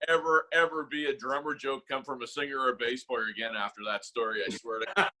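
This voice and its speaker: Bright-voiced man hosting casual chat. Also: medium pitch, fast talker, low-quality recording.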